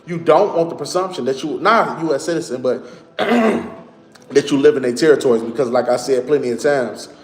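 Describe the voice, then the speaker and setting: In an echoey room, an online commentator explains things to his viewers in a casual monologue. His voice is medium in pitch at a normal speed, and he speaks conversationally, repeats his points and addresses the audience directly.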